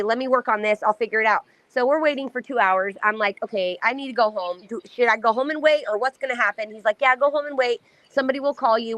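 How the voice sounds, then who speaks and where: Heated, profane woman ranting, bright voice. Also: on the high side, dry recording. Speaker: mother telling her story. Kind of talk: angry personal account.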